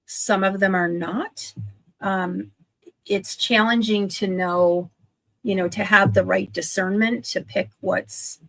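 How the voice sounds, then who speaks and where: A woman's voice: medium pitch, steady tone, takes it slowly, vocal fry, fairly bright tone. A woman in her sixties chatting on a video call about her online business, talking enthusiastically and often restarting her sentences. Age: 60s. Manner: chatty, self-correcting, enthusiastic. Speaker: guest, online business owner. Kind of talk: casual livestream chat.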